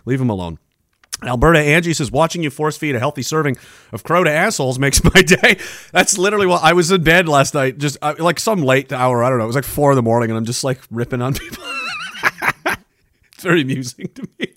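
A man's voice: fairly high pitch, quick pace, fairly bright tone, no room sound, clean studio sound. A middle-aged man, hosting a casual livestream, rambling and joking as he reads out chat messages. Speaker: livestream host. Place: home studio. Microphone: boom-arm studio mic.

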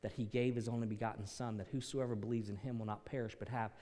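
A male pastor preaching a sermon, swinging from quiet, earnest passages to loud, dramatic peaks. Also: fairly low pitch, steady tone, fast, in a large hall.

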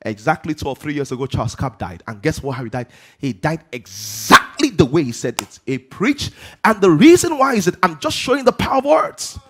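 A man delivers a sermon in a fairly high voice. He works through rhetorical questions and answers them, pushing his emphasis upward as he preaches to the congregation. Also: very animated, brisk, pushed and bright, husky.

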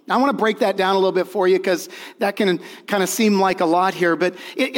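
Man, pastor, earnest emphatic sermon, repeats key lines, high voice, long hall reverb. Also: steady tone, fairly quick. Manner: earnest, emphatic preaching with repeated phrases and restarts.

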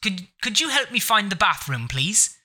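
A man putting on an exaggerated posh English accent for a prim, polite gentleman. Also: high voice, sing-song, moderate pace, pitched above the performer's own voice, exaggerated voice. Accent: mock posh English. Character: prim proper English gent asking politely.

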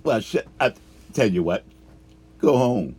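A man's voice: deep voice, expressive, moderate pace, darkish tone, slightly rough. A man imitating his small, irritable male kitchen boss who barks orders at the staff. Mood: angry. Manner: barking orders.

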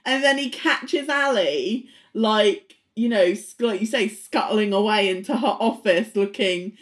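A woman's voice: mid-range voice, measured pace. A woman chatting casually as a podcast co-host, giggly and enthusiastic. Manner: giggly, enthusiastic, frequent fillers and restarts. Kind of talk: casual chat.

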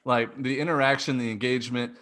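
A man's voice: mid-range voice, fairly even intonation, fairly quick, a bit bright. A man hosting a casual interview, talking with enthusiasm and lots of fillers. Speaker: podcast host.

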